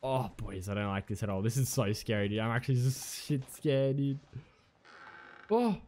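A man's voice: fairly low pitch, steady tone, a little fast, darkish tone. A man playing a horror game, swearing constantly and breaking into panicked yelps and nervous laughter. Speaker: gamer.

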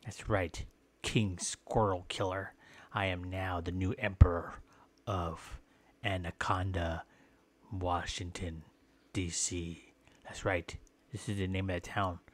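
A man's voice: sits low, level tone, a little slow. A man giving casual gameplay commentary with playful, goofy mock trash talk.

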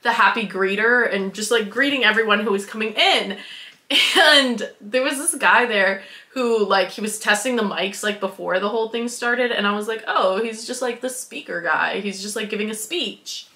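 A woman's voice: mid-range voice, normal speed, sharp tone, roomy sound. A young woman from Wisconsin telling a story to her vlog, bubbly and giggly, full of "like" and acted-out quotes. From Wisconsin, USA. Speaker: vlogger. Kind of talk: casual storytelling.

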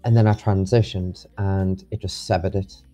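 A man's voice: low voice, fairly even intonation, normal speed, dark tone, soft background music. A young man, rambling with many restarts as an interview guest. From England. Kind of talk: casual interview.

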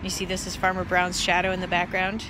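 A woman priest reading a picture book aloud to children, animated and expressive, with playful sound effects. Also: on the low side, fast talker, noisy background.

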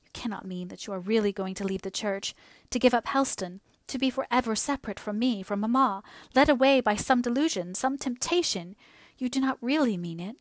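A woman's voice: medium pitch, animated, quick pace, few pauses, no echo, studio quality, lightly acted. A woman voicing a proud young woman in an audiobook, pleading and emotional. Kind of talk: audiobook character voice.

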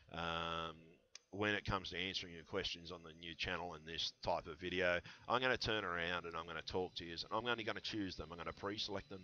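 A man's voice: low-pitched, sharp tone, lo-fi sound. A man rambling through a vlog monologue, answering viewer comments in a conspiratorial way with lots of fillers and restarts, on a headset mic. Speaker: channel host.

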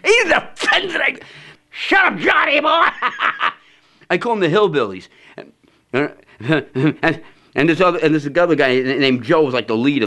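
A man's voice: medium pitch, a bit bright. A man telling a rambling, funny anecdote, full of fillers and restarts, often breaking into laughter. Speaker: storyteller. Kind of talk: casual anecdote.

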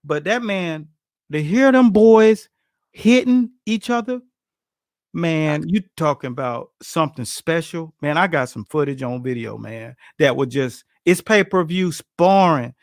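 A middle-aged man tells boxing stories with lots of energy, acting out what people said. His voice sits high for a man. The sound is dry and close, with no room around it. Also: measured pace, dry recording. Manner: animated, acts out quotes, laughs often. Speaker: boxing coach, guest. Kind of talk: storytelling in casual interview.

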